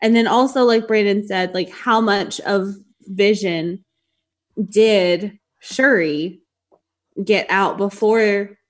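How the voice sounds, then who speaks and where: A woman co-hosting a podcast in casual chat, talking in a chatty, excitable way and laughing easily. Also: medium pitch, slow pace. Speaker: podcast co-host.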